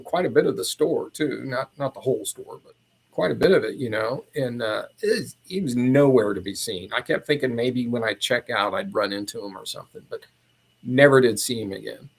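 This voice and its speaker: A man who is a podcast guest, recounting a personal story in a casual, meandering and animated way. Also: medium pitch, normal speed.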